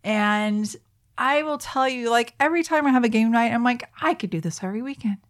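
A middle-aged woman co-hosting a podcast in casual chat, enthusiastic and playful with quick asides. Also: a little high. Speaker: podcast co-host.

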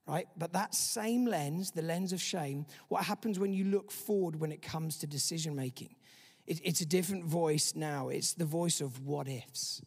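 High-voiced man preaching in a hall. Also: normal speed, slightly rough. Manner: animated preaching with acted-out inner voices. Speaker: pastor. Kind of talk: sermon.

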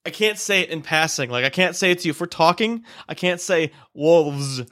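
A man's voice: high voice, animated, fast talker, bright, forceful tone. A man with an Ohio accent hosting a podcast, joking through casual banter. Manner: joking, playful. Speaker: podcast host.

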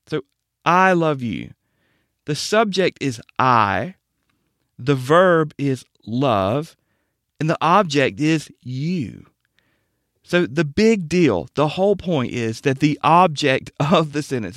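A man with a slightly high voice gives a Bible-based teaching talk on marriage. He speaks in a measured, emphatic way and slows right down on the words he wants to land. The sound is dry and close, with no room around it. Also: a bit bright, no room sound.

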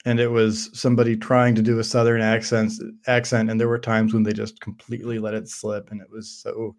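A man's voice: on the low side, monotone, a little fast. A man co-hosting a casual podcast chat, joking around and often restarting his sentences. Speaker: podcast co-host.

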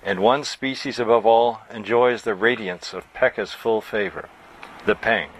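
A man voicing a crooning male alien bird narrating an advertisement, with a deep textured tone. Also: unhurried, a little hiss or hum, natural voice, low-quality recording. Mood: reverent. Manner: smooth sales croon.

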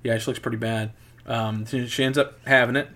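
A man's voice: medium pitch, fairly even intonation, fairly quick, pushed and bright. Rambling man retelling a film plot. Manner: rambling, filler-heavy retelling. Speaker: podcast co-host reviewing a film. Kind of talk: casual chat.

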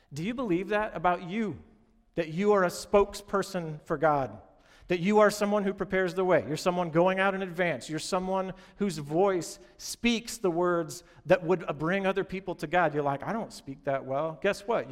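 Addressing his congregation as "you guys," a male pastor delivers an earnest, straightforward sermon. His voice is fairly high in pitch, and the sound carries the feel of a large hall.

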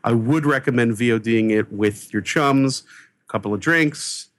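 A movie critic from New York telling an animated personal story, excitable and acting out the voices of the people in it. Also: male voice, moderate pace. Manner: excitable, acts out quoted voices with big pitch jumps. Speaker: movie critic, podcast guest.

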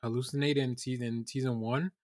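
A man's voice: mid-range voice, fairly even intonation, darkish tone, no echo, studio quality. A man co-hosting a podcast, chatting casually about a TV episode with frequent restarts and fillers. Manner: halting, many restarts and fillers. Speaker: podcast co-host. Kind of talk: casual recap chat.

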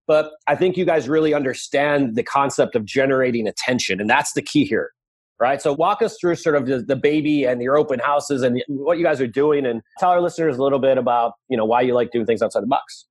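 A man's voice: mid-range voice, fairly quick, breathy edge. A man hosting a casual podcast interview, blunt and swearing now and then. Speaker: podcast host.

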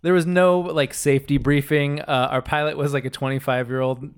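A man's voice: on the high side, level tone, a little fast, clean tone. Guy on a podcast rambling through a story, lots of likes and ums, casual chat. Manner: rambling storytelling with many fillers.

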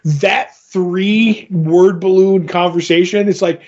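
A man's voice: high-pitched, fairly even intonation, takes it slowly, a little mellow. A man chatting casually as a podcast co-host, retelling a comic's plot in a rambling way full of ums and "he's like". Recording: dull lo-fi recording.

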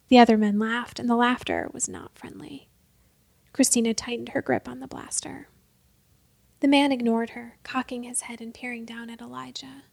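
High, gravelly woman narrating a story. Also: fairly even intonation, moderate pace, darkish tone, dry recording. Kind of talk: scripted narration.

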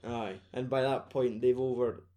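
A man's voice: medium pitch, fairly even intonation, moderate pace, dark tone. A Scottish man in casual chat, swearing and animatedly retelling scenes.

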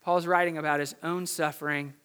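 A man's voice: a little high, level tone, a little fast, a bit bright, clear, resonant tone, long reverb tail. A man preaching a sermon as pastor in a church, building his points through emphatic repetition. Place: church sanctuary.

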